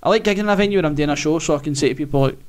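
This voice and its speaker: A man's voice: on the high side, a little mellow, clear, resonant tone. A Scottish man, a comedian, chatting in a sweary, laughing way as a podcast guest. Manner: sweary, laughing, quick banter. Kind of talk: casual podcast chat.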